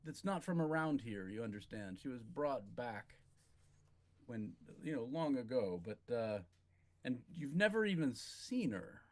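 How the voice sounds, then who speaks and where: Slow-spoken man running a tabletop game. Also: medium pitch, sing-song. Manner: descriptive, slow, some restarts. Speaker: game master.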